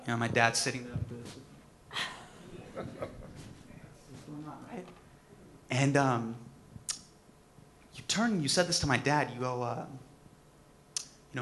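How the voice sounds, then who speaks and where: A comedian in his thirties giving a personal tribute speech, telling a story with lively acted-out moments. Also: medium pitch, measured pace, long pauses. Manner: animated storytelling, acts out quotes.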